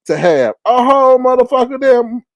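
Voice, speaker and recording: A male livestream host tells funny stories to his live chat in a casual, profane, streetwise style, leaping into loud, high exclamations as he retells his reactions. His intonation is lively and his speed normal, with no echo on the audio.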